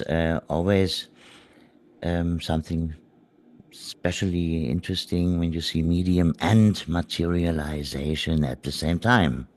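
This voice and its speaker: Slow, deep-voiced man telling a story. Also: a little mellow. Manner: hesitant, halting with many fillers and restarts. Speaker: guest physical medium. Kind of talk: conversational interview storytelling.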